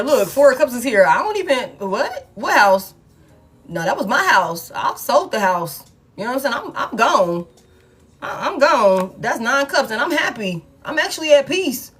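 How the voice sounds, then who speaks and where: A woman's voice: a little high, slight background noise. A woman giving a casual tarot reading in a blunt, profane manner, with laughing asides. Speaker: tarot reader.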